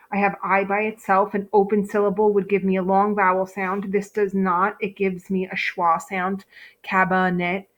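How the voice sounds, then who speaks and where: A woman's voice: medium pitch, lo-fi sound. A woman teacher giving a recorded phonics lesson, explaining step by step with frequent "okay" and "um". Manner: patient, explains step by step, frequent okays and ums.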